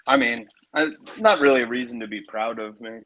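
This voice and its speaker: Calm man giving advice over a headset. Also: mid-range voice, a little fast, highs cut off. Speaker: stream caller. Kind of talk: casual chat. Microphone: headset microphone. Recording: headset with faint background noise. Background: doing dishes, running sink.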